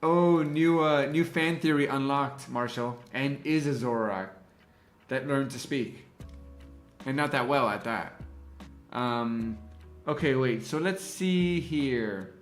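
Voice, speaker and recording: A man's voice: medium pitch, slow, roomy sound, faint music behind. A man hosting a casual design livestream, thinking aloud as he works and greeting the people in the chat. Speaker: livestream host and graphic designer.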